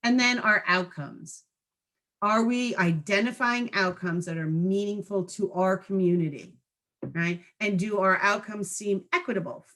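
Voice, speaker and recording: A woman's voice: medium pitch, unhurried, a bit bright. Woman trainer giving a conversational presentation. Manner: conversational, checks in with frequent tag questions.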